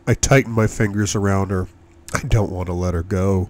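A man with a fairly low voice reads an audiobook aloud in the first person. His delivery is intimate and measured, and he keeps an even, unhurried pace. He sounds like a steady storyteller. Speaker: audiobook reader. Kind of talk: audiobook narration.

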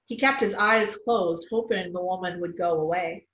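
A woman's voice: lowish voice, moderate pace, fairly bright tone. Friendly female storyteller reading aloud; distant, echoey, muffled recording. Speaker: children's storyteller. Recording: distant, roomy, dull sound.

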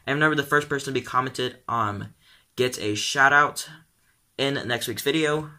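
A man's voice: medium pitch, normal speed, bright, forceful tone. A teenage boy vlogging casually, rambling and filling his talk with um and like. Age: teens. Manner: rambling, full of "um" and "like". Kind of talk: casual vlog commentary.

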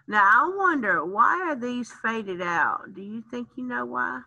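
Slow, bright-voiced woman music teacher. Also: mid-range voice, animated, lo-fi sound. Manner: slow, sing-song chanting of rhythms. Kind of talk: music lesson for children.

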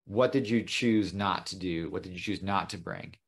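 A man's voice: low voice, normal speed, vocal fry. A man hosting a podcast, chatting casually and praising his guest with enthusiasm. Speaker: podcast host. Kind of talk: casual interview talk.

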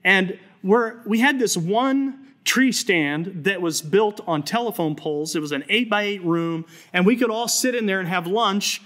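Guy pastor preaching, fairly high voice, chatty storytelling, earnest. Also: measured pace, few pauses, fairly bright tone. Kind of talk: sermon.

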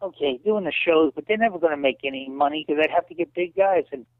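Speaking quickly over a dry, tinny line that sounds like a phone call, the ex-kickboxer and wrestling promoter spins stories for his interviewer. When he quotes people, he performs their voices with big swings in pitch.

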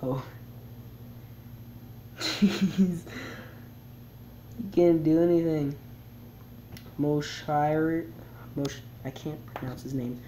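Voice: mid-range voice, fairly even intonation, drawn-out words, long pauses, dark tone, a little hiss or hum, low-quality recording. A player giving casual gameplay commentary, reading the game's text aloud and chuckling at it along the way. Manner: reads game text aloud with chuckling asides. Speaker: game player.

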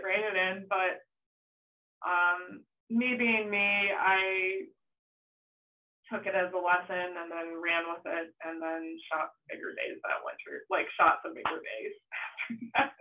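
A young adult woman, a surf photographer, telling a story in a casual interview. She is animated, laughs often and acts out her own past shouts. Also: on the low side, takes it slowly, distant mic. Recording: tinny phone-like line, off-mic.

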